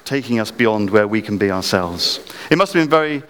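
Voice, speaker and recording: A man preaching a sermon, dramatic, his voice climbing high when he acts out quoted prayers. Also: lively intonation, fairly quick, fairly bright tone, clean tone. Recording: long hall reverb.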